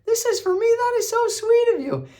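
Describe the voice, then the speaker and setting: A man voicing a young wife in a high falsetto during a casual movie recap. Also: animated, normal speed, a little mellow. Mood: delighted. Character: young woman, wide-eyed then furious wife.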